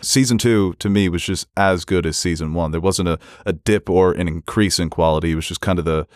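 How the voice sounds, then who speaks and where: A man co-hosting a podcast, trading dry jokes and then giving a long, steady review of a TV series. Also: deep voice, a little fast, no room sound. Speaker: podcast co-host. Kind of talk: casual TV review chat.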